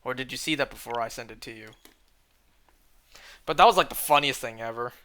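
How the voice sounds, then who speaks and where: A man's voice: mid-range voice, brisk, sharp tone. A man streaming a shiny hunt, chatting casually to his viewers in a rambling way full of "like"s. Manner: rambling, filler-heavy talk with many "like"s. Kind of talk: casual livestream chat while shiny hunting.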